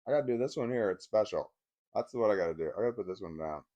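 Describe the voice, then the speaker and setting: A man's voice: on the low side, expressive, fast, dark tone, highs cut off. A man casually telling a long story about his daughter and ex-wife, rambling with frequent restarts, laughter and swearing. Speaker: divorced father telling a story.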